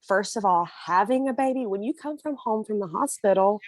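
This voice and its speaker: A woman's voice: mid-range voice, brisk, no echo. A young woman guest in a casual interview, telling her own story earnestly and emotionally, often breaking into small laughs.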